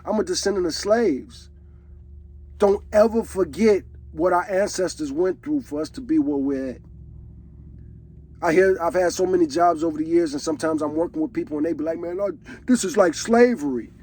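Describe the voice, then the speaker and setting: A man's voice: fairly high pitch, moderate pace, mellow, breathy edge. A man, reacting to a song in casual commentary, earnest and preachy. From Chicago. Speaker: reaction video host.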